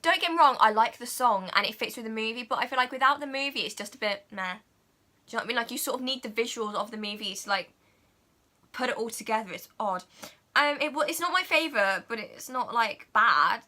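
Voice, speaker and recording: A young woman chatting excitedly as a vlogger, gushing and filling her talk with "like" and "oh my God". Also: on the high side, quick pace. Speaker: vlogger reviewing a film. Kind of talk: casual chat.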